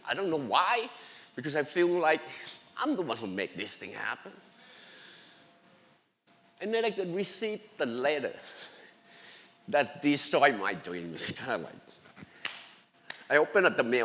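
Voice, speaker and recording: Guest speaker, male, bright and forceful delivery, earnest testimony, long church-hall reverb. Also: a little high. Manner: earnest, emotional, non-native English grammar. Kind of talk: personal faith testimony. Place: church sanctuary.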